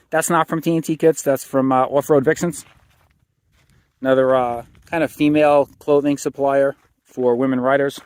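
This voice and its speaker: A man's voice: medium pitch, a little mellow. A married man hosting his own channel, talking casually and rambling a bit, with fillers and restarts. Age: adult, married with a son. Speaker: channel host. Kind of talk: casual walkaround vlog.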